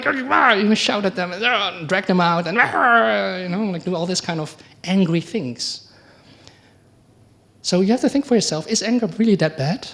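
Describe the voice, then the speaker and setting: A middle-aged man, a monk giving a conversational dharma talk, often asking the audience questions and acting out quoted exchanges. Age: middle-aged or older. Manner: acts out quoted exchanges with lively pitch jumps. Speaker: Buddhist monk teacher.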